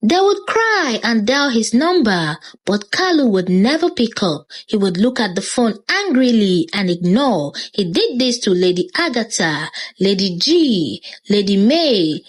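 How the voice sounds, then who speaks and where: A woman narrating a scripted story with dramatic, expressive delivery. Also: medium pitch, measured pace, hardly any pauses.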